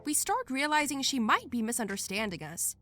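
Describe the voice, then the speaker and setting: A woman narrating Reddit posts as a lively scripted storytelling read. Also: high voice, fairly quick, faint music behind.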